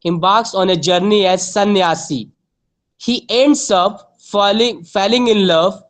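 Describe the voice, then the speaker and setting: A woman teacher dictates literature notes at an unhurried, deliberate pace. She repeats every phrase and spells out key words letter by letter for her students to copy down. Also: medium pitch.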